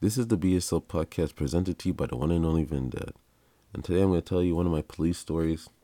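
Low, mellow-voiced podcast storyteller man. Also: fast talker, dry recording. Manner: laid-back, slangy, laughs through stories. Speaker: podcast host. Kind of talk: casual storytelling.

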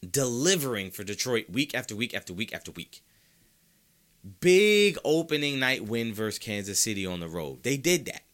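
A man's voice: medium pitch, bright, forceful tone. A sick, congested man hosting a sports podcast, arguing his opinions emphatically and repeating his points for effect. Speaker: podcast host.

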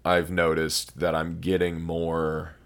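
A man's voice: sits low, monotone, takes it slowly, vocal fry. A young man co-hosting a podcast, rambling and swearing in casual stoned chat. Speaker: podcast co-host.

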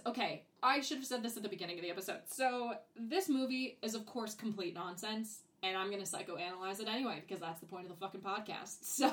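A young woman hosting a podcast, chatting casually, laughing often and swearing freely. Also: on the high side. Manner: giggly, profane, animated. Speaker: podcast host.

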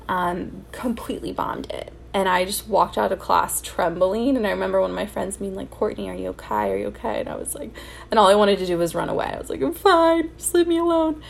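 A woman's voice: medium pitch, vocal fry, a little hiss or hum. A young woman hosting a solo podcast, telling personal stories in a candid, emotional way with many fillers and restarts. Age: young adult. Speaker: podcast host.

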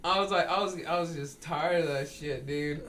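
A man's voice: fairly high pitch, moderate pace, a bit bright. A young man telling work stories with friends in a casual podcast chat, rowdy and swearing, often laughing. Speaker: podcast co-host.

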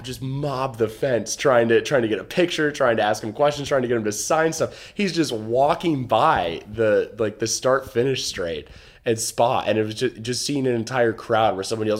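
A young American man hosting a podcast, chatting excitedly and rambling with many restarts. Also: mid-range voice, moderate pace. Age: young adult. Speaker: podcast host. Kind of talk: casual chat.

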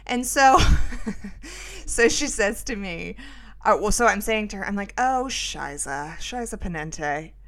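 A woman's voice: medium pitch, big pitch swings, measured pace, long pauses, a bit bright. A middle-aged woman hosting a podcast, telling a rambling, self-mocking story with lots of fillers. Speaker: podcast host. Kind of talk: casual storytelling monologue.

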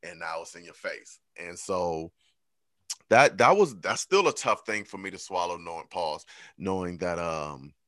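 Deep-voiced, bright-toned man chatting candidly. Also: measured pace, no room sound, clean studio sound. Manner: candid, reflective, animated when quoting himself. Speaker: podcast co-host. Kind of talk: casual chat.

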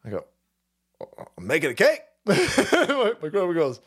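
A man's voice: high voice, unhurried, husky. Male stream host, crude and chatty, tells stories with plenty of laughs, voice swings up and down. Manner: swears constantly, laughs often, animated storytelling. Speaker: livestream host reading chat. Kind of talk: profane casual rant.

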